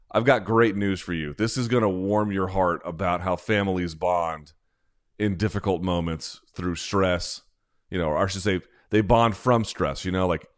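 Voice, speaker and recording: A man hosting a podcast, talking in a rambling, sarcastic, self-deprecating way in casual comedic chat. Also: lowish voice. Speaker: podcast host.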